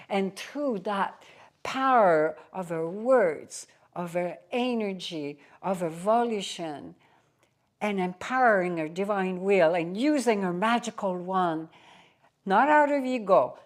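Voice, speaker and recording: A woman spiritual teacher giving a devotional satsang talk, telling a story to teach, with emphatic asides. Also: mid-range voice.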